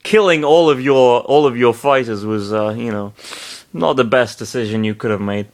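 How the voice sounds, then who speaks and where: A man's voice: medium pitch, normal speed. A man reading fan fiction aloud, breaking off into self-deprecating, apologetic asides. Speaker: reader, narrator.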